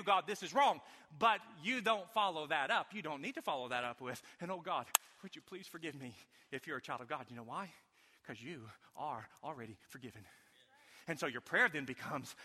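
A man preaching a sermon as pastor, swinging between loud emphatic lines and hushed, quiet ones. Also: sits high, big-room sound.

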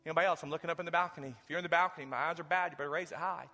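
A pastor preaching a sermon in a large church sanctuary, earnestly pleading and at times dropping to a hushed whisper. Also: male voice, fairly high pitch, steady tone, racing. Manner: earnest, building to fervent appeals, drops to hushed whispers. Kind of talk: sermon with altar call. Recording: long hall reverb with faint music.

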